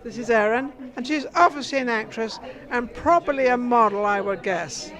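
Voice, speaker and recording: A woman's voice: a little high, moderate pace, fairly bright tone. A woman interviewing guests on a red carpet, chatty and encouraging, full of friendly advice. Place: outdoor red carpet event. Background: crowd chatter.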